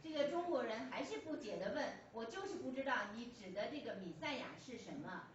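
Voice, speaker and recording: A woman's voice: fairly high pitch, animated, brisk. A woman interpreting a sermon phrase by phrase, with hesitant fillers and restarts as she goes. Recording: echoey church hall, distant mic, dull lo-fi, faint hum.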